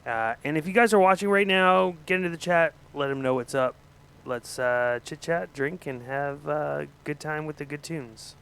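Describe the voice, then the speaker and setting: Guy hosting a music livestream, kinda high voice, jokey, hyping the chat, faint noise behind. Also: normal speed, creaky, fairly bright tone. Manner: joking, hypes up the viewers. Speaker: livestream music show host. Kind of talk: casual live-stream chat.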